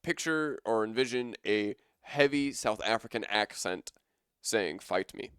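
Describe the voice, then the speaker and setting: A man's voice: fairly low pitch, lively intonation, unhurried, a bit bright, clear, resonant tone, dry recording, studio quality. Casual young male esports caster. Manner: casual, rambling, enthusiastic. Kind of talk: live esports commentary.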